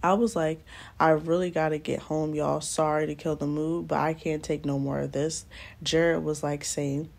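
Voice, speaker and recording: Young woman vlogger, low and fry-heavy, slangy and blunt storyteller. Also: level tone, normal speed, a little mellow. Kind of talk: casual storytime narration. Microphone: close mic, doing nails on camera.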